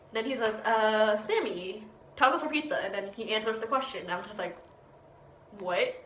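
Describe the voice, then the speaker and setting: A woman's voice: on the high side, a bit bright, echoey room, slight background noise, low-quality recording. A seventeen-year-old girl telling a rambling story in a casual vlog, talking around a retainer and acting out what people said. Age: teens. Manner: rambling, chatty, quotes people in voices. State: speaking with a retainer. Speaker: vlogger.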